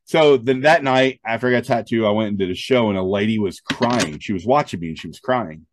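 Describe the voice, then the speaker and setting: A man's voice: fairly low pitch, brisk, noisy background. A man, a stand-up comedian, telling stories in an interview, full of quoted dialogue and frequent "um" fillers. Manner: animated anecdotes with quoted dialogue. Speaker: guest, stand-up comedian and show host. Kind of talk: storytelling interview talk.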